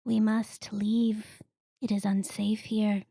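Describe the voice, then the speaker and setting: A woman voicing an earnest adventurer who solemnly warns everyone to leave, her delivery slow and partly whispered. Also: mid-range voice, flat delivery, creaky, warm tone, dry recording, studio quality. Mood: urgent.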